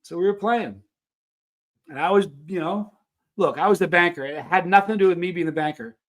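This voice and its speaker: Middle-aged male stream host, slightly high voice, loose rambling anecdotes full of restarts. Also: brisk. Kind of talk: casual storytelling to a live chat.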